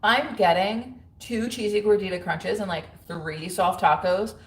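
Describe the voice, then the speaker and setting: A woman's voice: medium pitch, measured pace. A woman in her thirties hosting a casual livestream, chatting frankly with viewers, laughing often and using lots of fillers. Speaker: livestream host. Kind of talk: casual livestream chat reading viewer comments. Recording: roomy echo.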